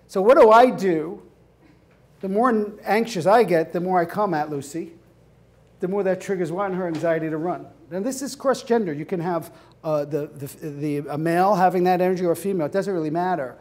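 A man teaching a class in an animated way, acting out scenes and laughing often. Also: high-pitched, a little fast. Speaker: hypnotherapy instructor. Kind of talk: lecture with acted-out examples.

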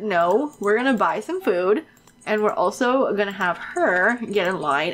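A woman giving casual, excitable gameplay commentary on her own let's play, chatty and swearing freely. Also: medium pitch, normal speed.

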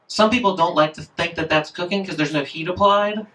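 A man with a high voice speaks fairly quickly against background noise, recounting a story from memory at an indoor live reading. The author rambles casually, swearing and using lots of fillers, picked up from a distance.

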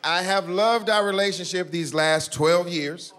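A man's voice: high-pitched, measured pace. A man on stage delivering roast jokes in a playful manner, breaking off with mock-shocked asides. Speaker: comedian stepping in at a roast. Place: stage before a live audience. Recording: loud live crowd noise.

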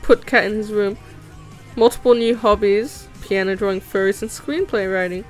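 A woman's voice: medium pitch, moderate pace. A young woman, chatting and giggling with her chat at home while she draws. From Australia. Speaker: livestreamer. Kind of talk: casual livestream chat while drawing. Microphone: desk mic. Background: faint music playing.

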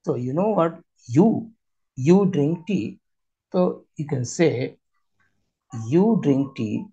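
A man teaching a spoken language lesson, with slow, repetitive, halting phrasing. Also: on the high side, dark tone, breathy edge. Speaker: Arabic teacher. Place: Qatar.

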